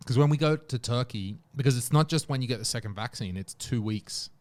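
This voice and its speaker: A man's voice: mid-range voice, brisk, a little mellow. A man co-hosting a podcast, explaining his thoughts at length in casual chat with crude jokes. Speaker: podcast co-host.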